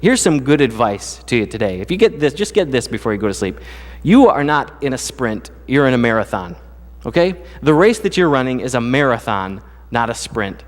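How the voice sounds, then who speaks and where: A man's voice: mid-range voice, sing-song, fairly quick, long reverb tail. A man preaching a casual, conversational sermon as the pastor, telling jokey stories from his life. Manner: casual, joking storyteller. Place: church sanctuary.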